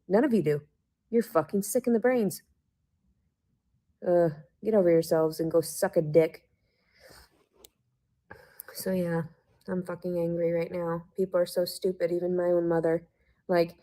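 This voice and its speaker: A woman's voice: lowish voice, steady tone, normal speed, dark tone. A woman ranting angrily in a hotel room, swearing heavily and sounding stuffy and unwell. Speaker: vlogger in a played video. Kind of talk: angry ranting monologue.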